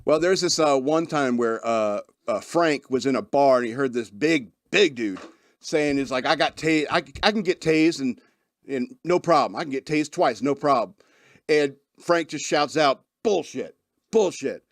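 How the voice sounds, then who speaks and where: A man's voice: mid-range voice, normal speed, no room sound, studio quality. Rambling, laughing male podcast host. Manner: rambling, laughs often, acts out quoted voices. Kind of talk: casual monologue.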